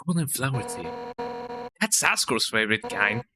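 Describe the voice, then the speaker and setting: A man's voice: medium pitch, big pitch swings, moderate pace, heavy background noise, lightly acted. A man reading as a brash fish warrior woman. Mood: boastful. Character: brash hot-headed female fish warrior captain. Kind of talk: reading game dialogue aloud.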